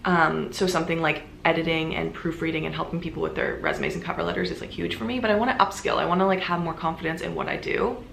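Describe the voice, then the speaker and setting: A woman's voice: deep voice, very animated, fast talker, vocal fry, hardly any pauses, fairly bright tone, slight background noise. A young woman vlogger talking casually and earnestly to camera, full of "like"s. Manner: chatty, earnest, many filler "like"s. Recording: echoey room.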